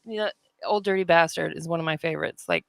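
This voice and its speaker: A woman hosting a rap podcast, chatting in a relaxed, easygoing way with plenty of ums and filler words. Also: lowish voice, quick pace, creaky, dry recording. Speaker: podcast host. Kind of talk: casual chat.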